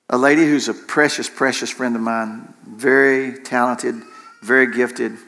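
A man's voice: medium pitch, fairly even intonation, measured pace, creaky, sharp tone. A man preaching a sermon in an impassioned way, repeating phrases for emphasis. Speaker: pastor.

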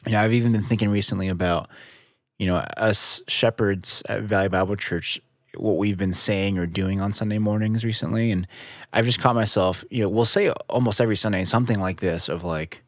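Church elder, man, lowish voice, dry close recording, chatty and reflective. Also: fairly even intonation, brisk, no echo. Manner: reflective, chatty, acts out dialogue. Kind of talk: casual discussion.

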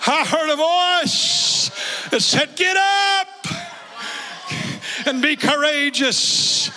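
A man preaching a fervent sermon, building to shouted repeated calls for praise in a church. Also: extremely high pitch, animated, extremely slow, slight background noise. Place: large church hall. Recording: long reverb from church hall.

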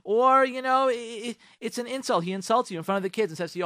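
A man's voice: very high voice, fast, few pauses, sharp tone, dry recording, clean studio sound. A man hosting a radio show, giving marriage advice in an emphatic monologue that repeats lines and fires rhetorical questions at listeners. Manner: addresses listeners directly, coaxing.

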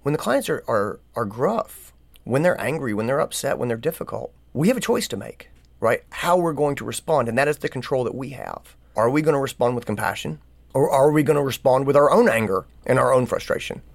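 A man's voice: mid-range voice, animated, fairly quick, gravelly, no echo. Earnest man asking rhetorical questions. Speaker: podcast co-host. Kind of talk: casual conversational advice.

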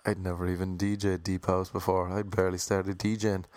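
Irish comic in his thirties, Cork accent, lowish voice, deadpan monotone storytelling. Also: brisk, no echo. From Ireland. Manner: self-described monotone, wry and self-mocking. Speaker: comedian and DJ. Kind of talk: storytelling monologue.

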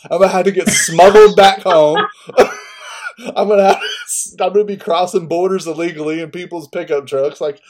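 Dude on a podcast rambling through a story, swears a lot, laughs at himself, regular mid-pitch voice. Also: male voice, a little mellow. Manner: loose, profane, laughs at his own story. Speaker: podcast co-host. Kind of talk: casual storytelling chat.

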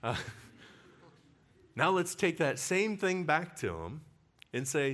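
Man, pastor, sermon, animated storytelling, frequent laughter, very lively pitch. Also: takes it slowly. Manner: animated storyteller who laughs often while talking. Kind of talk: sermon with personal stories.

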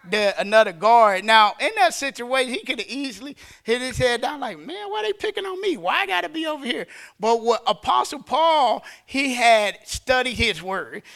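High-pitched guy preaching, punchy and conversational, kinda sharp tone. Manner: emphatic and conversational, acting out quick dialogue. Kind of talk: sermon.

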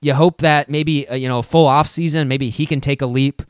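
A man co-hosting a casual sports podcast, earnest and full of halting restarts. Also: a little high, steady tone, clean tone, no room sound, studio quality. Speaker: podcast co-host.

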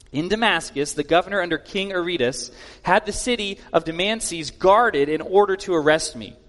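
A man's voice: sits high, a bit bright. A male pastor giving a sermon in a plainspoken, conversational way with casual asides. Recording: long hall reverb.

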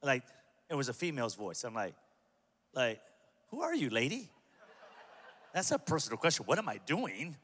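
Fiery, bright-voiced preacher man. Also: medium pitch, sing-song, a little fast. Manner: impassioned, humorous preaching that rises to shouts. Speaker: pastor. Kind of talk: sermon. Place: large church auditorium. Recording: long hall reverb.

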